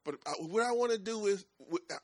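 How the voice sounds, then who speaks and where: Animated high-voiced man preaching. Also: brisk, no echo. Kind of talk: sermon.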